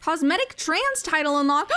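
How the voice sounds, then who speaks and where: A young woman chats casually as she streams a game, her voice sitting a little high. She talks at an unhurried pace. She gets excited easily, gasps often and repeats her phrases. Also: slight background noise.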